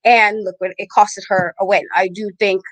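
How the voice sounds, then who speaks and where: A woman's voice: medium pitch, little pitch movement, moderate pace, fairly bright tone, no room sound. A woman co-hosting a podcast, talking through wrestling storylines in a rambling, thinking-aloud way with lots of fillers. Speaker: podcast co-host. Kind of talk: casual wrestling discussion.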